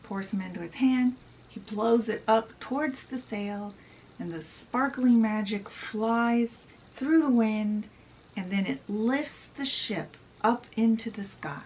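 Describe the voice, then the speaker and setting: Slow, chatty woman summarizing a book. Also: a little high, a little mellow, rough recording. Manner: chatty, with fillers like "he's like". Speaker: book reviewer.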